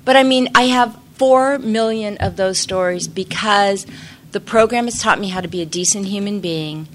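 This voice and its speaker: A woman's voice: mid-range voice, moderate pace, a little hiss or hum. A middle-aged woman telling a personal recovery story in a chatty, self-deprecating way, full of fillers and restarts. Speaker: speaker sharing recovery story. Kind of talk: casual personal testimony.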